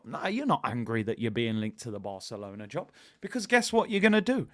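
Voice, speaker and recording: High-voiced animated man ranting. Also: brisk. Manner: animated, storytelling, rants with everyday analogies. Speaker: football channel host. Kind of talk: casual fan commentary.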